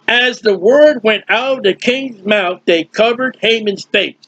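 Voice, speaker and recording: A man with a fairly high, husky voice walks through a Bible passage in an informal teaching style. He talks conversationally, reaching for everyday comparisons and often restarting his sentences. The audio is dull and lo-fi, with a dry, close sound. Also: normal speed, hardly any pauses, fairly bright tone, no echo.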